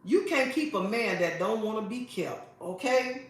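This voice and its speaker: A woman's voice: a little high, expressive, a little slow, few pauses. A woman giving frank, emphatic advice to her live-stream viewers, repeating lines for effect. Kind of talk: casual advice talk to viewers. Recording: very echoey room.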